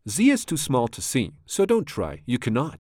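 A man's voice: medium pitch, wildly swooping pitch, normal speed, darkish tone, dry recording, clean studio sound. A man voicing a mischievous, boastful big male cat in a storybook, in a smug sing-song rhyme.

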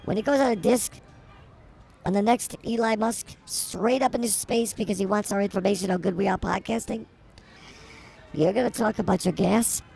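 A woman's voice: medium pitch, normal speed, gravelly, warm tone, breathy edge, faint music behind. A woman co-hosting a comedy podcast, teasing and rambling through improvised banter. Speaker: podcast co-host.

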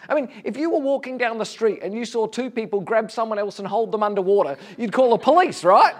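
Male pastor, casual preaching voice, pitched a touch high, asks the room questions. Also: fast. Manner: conversational, rhetorical questions, gently humorous. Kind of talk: sermon.

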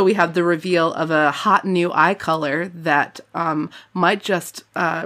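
A woman's voice: fairly low pitch, a bit bright. A woman co-hosting a casual book podcast, chatty and wry, laughing as she talks. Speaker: podcast co-host.

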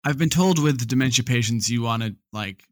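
A man's voice: medium pitch, fairly quick, a crowd in the background. A man, teasing his friends in casual podcast chat. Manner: dry teasing. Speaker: podcast co-host.

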